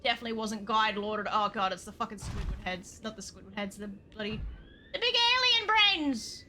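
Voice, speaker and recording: Speaking fast in a flat, pushed, bright medium-pitched voice, a woman narrates her video game stream live against slight background noise. She swears without restraint, mumbles to herself, and hums and sings nonsense sounds while playing.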